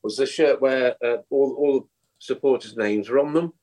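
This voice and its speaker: A man in a casual chat, lively and jokey. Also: mid-range voice, normal speed.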